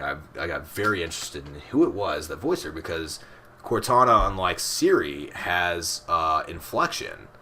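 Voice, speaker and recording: A man's voice: rumbling low, sharp tone, a little hiss or hum. A man co-hosting a podcast in casual chat, rambling and swearing freely, with many restarts. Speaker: podcast co-host.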